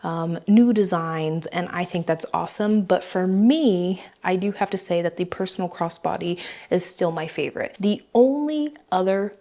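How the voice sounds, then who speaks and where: A woman's voice: lowish voice, animated, normal speed, warm tone. A young woman from Florida chatting casually in a rambling product-review vlog, with fillers and small chuckles. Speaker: beauty and fashion vlogger.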